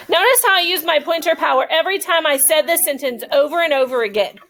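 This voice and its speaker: A young woman teaching a classroom phonics lesson, slowly modeling sentences and praising the children. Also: high-pitched, fairly bright tone. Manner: slow, drawn-out modeling of sentences, encouraging.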